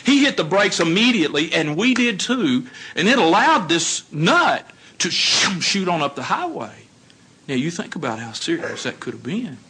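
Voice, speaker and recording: A man giving a sermon, telling stories in an animated way and putting questions to his listeners. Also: on the high side, normal speed, breathy edge. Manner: animated storytelling, acts out dialogue, asks the audience questions. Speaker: congregation speaker.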